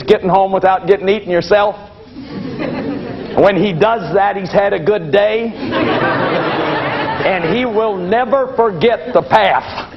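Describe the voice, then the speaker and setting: A man's voice: high-pitched, slight background noise. An older man giving a lecture to an audience, folksy and anecdotal with self-deprecating humor. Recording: dull lo-fi broadcast recording.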